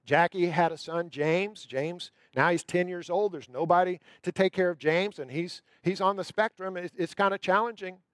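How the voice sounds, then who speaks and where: Man, pastor, sermon, high voice, emphatic storytelling, dry close sound. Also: no room sound. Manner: storytelling, emphatic, slows down on key words.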